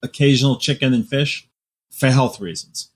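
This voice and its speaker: Man, guest author, casual interview chat, animated storytelling, playful exaggeration, mid-pitched voice. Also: moderate pace.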